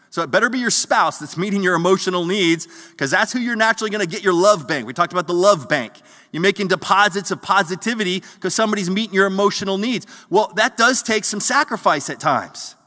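Man, pastor preaching a sermon, high and bright voice, earnest, restarts words, long echo of a church hall. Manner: earnest, repeats words when searching for them.

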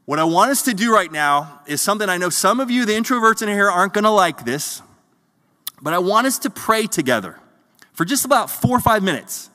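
A man's voice: sits high, sing-song, brisk, pushed and bright. A man preaching a sermon as the pastor, earnest, often repeating words as he searches for them. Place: church hall. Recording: long church hall reverb.

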